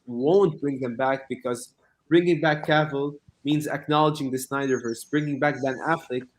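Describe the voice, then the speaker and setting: A man chatting casually on a podcast who argues his point in animated bursts and acts out quotes along the way. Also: medium pitch, moderate pace. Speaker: podcast co-host. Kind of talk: casual chat.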